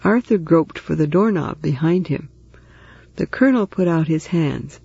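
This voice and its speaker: A man reading a story aloud in steady, even narration. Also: fairly high pitch, normal speed, vocal fry, husky, no echo, muffled recording. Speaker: audiobook narrator. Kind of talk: scripted narration.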